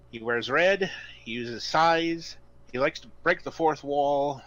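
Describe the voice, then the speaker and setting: A man's voice: medium pitch, fairly bright tone. Dry-witted man on muffled audio. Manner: dry, lists facts with dry jokes. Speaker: podcast co-host. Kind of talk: casual chat. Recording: dull lo-fi audio.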